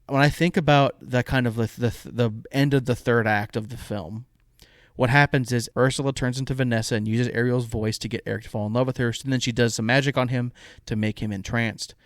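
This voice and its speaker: A man's voice: medium pitch, fairly quick, dry recording, clean studio sound. Man animatedly retelling a plot. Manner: animated retelling with quoted asides. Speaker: podcast co-host. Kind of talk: casual chat.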